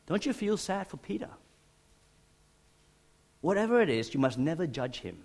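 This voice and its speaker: A man preaching a sermon, animated and emphatic, speaking directly to his listeners. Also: a little high, normal speed, creaky. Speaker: pastor.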